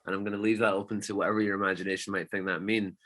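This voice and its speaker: Lively male DJ, low and bright, chatty storyteller. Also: very fast. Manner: animated, swearing storyteller. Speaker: DJ guest. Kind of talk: casual storytelling chat.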